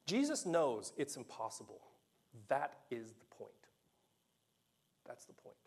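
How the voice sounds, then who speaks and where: A man preaching a sermon to a congregation, animated and playful, acting out the dialogue of the scripture story with laughs and asides. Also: medium pitch, a little slow, creaky, slightly rough. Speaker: pastor.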